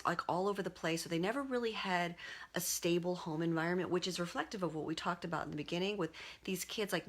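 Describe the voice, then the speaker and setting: Woman, slightly low voice, rambling casual monologue, lots of fillers, live stream on a phone or webcam. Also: a bit bright. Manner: rambling, conversational, many fillers and restarts. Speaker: artist and livestream host.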